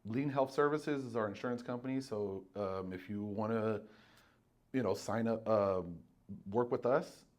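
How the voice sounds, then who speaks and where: A man guesting on a podcast, chatting casually as an insurance broker and telling animated stories with plenty of restarts. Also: on the low side, a little slow. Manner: animated storyteller, acts out dialogue; frequent fillers and restarts. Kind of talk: casual chat.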